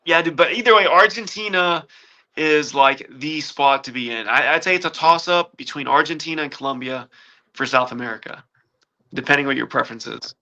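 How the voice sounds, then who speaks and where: A man with a slightly high voice tells a wild story in casual chat. He swears freely and jumps into everyone's quoted lines. The sound is dull and lo-fi. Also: fairly quick. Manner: animated, swears a lot, acts out quotes. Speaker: co-host telling a party story.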